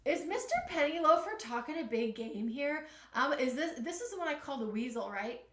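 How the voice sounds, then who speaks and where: A woman's voice: high voice, animated, moderate pace, a bit bright. Chatty woman reading tarot in an echoey room. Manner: chatty, emotional, talks to spirit and viewers. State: emotional, nearly crying. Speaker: tarot reader. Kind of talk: live-stream tarot reading.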